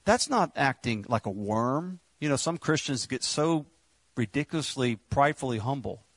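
A man's voice: mid-range voice, expressive, moderate pace, husky, dry recording. A man preaching a sermon in a conversational way, with joking asides and stumbling restarts. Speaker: pastor.

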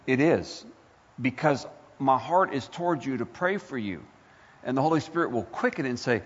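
Very animated and slightly rough, the fairly high-pitched voice of a male pastor moves at normal speed through a sermon of impassioned build-ups, rhetorical questions, and near-shouts. Sound is lo-fi and dull, with an echoing hall.

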